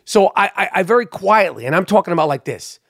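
A man hosting a podcast, telling a long story in a rambling, profane, excitable way. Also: sits high, fast, creaky, dry recording, studio quality. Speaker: podcast host. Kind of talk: casual storytelling monologue. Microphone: podcast microphone.

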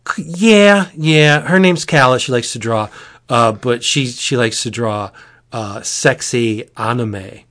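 A man chatting casually as a podcast host, retelling a comic in a rambling, animated way. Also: mid-range voice, slow pace. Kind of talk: casual chat.

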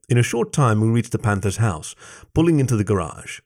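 Low, gravelly male story narrator. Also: sing-song, brisk, a little mellow. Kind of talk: first-person story reading.

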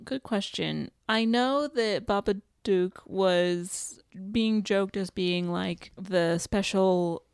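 A woman's voice: medium pitch, takes it slowly, vocal fry, few pauses, clear, resonant tone, no room sound, studio quality. A woman co-hosting a podcast in casual chat, easygoing and agreeable, often chiming in with short replies. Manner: easygoing, agreeable, lots of backchannel. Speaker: podcast co-host.

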